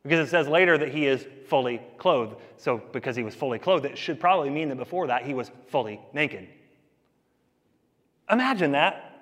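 A man preaching a sermon in a casual, conversational way, telling stories and swinging between loud and quiet. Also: medium pitch, animated, moderate pace. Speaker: pastor. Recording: long reverb of a large hall.

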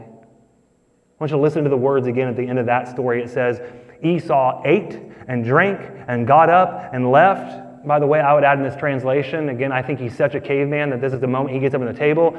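A male pastor preaching a sermon in a conversational, emphatic way, asking his listeners questions. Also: mid-range voice. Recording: echoey hall, dull sound.

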